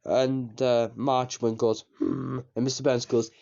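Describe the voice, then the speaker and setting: A man rambles through a casual review of a show he loves, circling back to the same points and letting sentences trail off. His voice sits at an ordinary middle pitch. The recording is slightly dull and lo-fi. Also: flat delivery, a little slow, creaky, a little mellow. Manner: rambling, repeats himself, trails off with "which, yeah".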